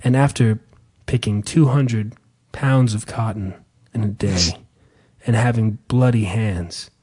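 A man doing a grave, hushed audio-tour narrator. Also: on the low side, takes it slowly, husky, pitched below the performer's own voice. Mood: somber. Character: somber male museum audio-tour narrator.

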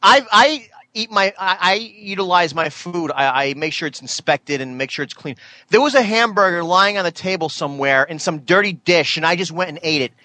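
A man cohosting a podcast, answering teasing in halting, defensive bursts with repeated words. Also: sits high, lively intonation, bright, forceful tone, no echo. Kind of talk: casual chat.

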